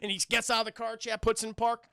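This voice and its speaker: A young man recapping a cartoon episode for his live chat, excitable and profane, breaking into voices for the characters. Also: extremely high pitch, fast, gravelly, clean tone, no echo, studio quality. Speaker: streamer reviewing a cartoon.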